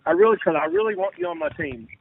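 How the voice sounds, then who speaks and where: High, gravelly man on a tinny line. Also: huge pitch swings, fast. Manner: rambling, profane, repeats himself. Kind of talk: casual conversation. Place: lives in Texas. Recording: tinny phone-like line, faint hiss.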